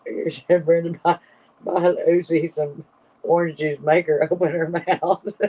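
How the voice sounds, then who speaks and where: Woman stream host, mellow and unhurried, breathless with laughter, casual chat. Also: on the low side, steady tone, slightly rough. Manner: laughs constantly between comments. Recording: slightly dull lo-fi audio.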